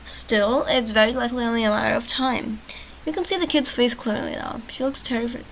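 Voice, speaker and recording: A woman reads a text-based zombie game aloud for her channel, breaking off into chatty, self-mocking asides. Her voice sits a little high and rings bright and forceful, and she keeps stumbling over words and shrugging it off. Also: brisk, gravelly, a little hiss or hum, poor audio. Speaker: let's-play host reading a text game aloud. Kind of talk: reading an interactive story aloud with chatty asides.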